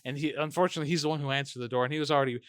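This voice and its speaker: A man's voice: on the high side, steady tone, racing, clean tone, no room sound, clean studio sound. A young man co-hosting a casual podcast, telling stories and swearing freely. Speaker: podcast co-host. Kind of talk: casual storytelling chat.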